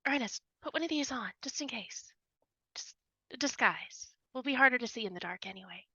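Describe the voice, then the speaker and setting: A woman playing a tabletop horror game, asking eager, quick questions. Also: fairly high pitch, lively intonation, bright, forceful tone, breathy edge, no room sound. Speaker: player. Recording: dull lo-fi audio.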